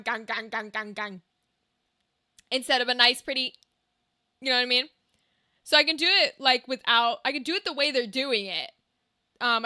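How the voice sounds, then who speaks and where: Young woman streamer, high and very bright, brash and foul-mouthed, teasing her chat. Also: dry recording, studio quality. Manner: brash, profane, teasing, laughs often. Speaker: game streamer. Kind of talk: casual chat with viewers.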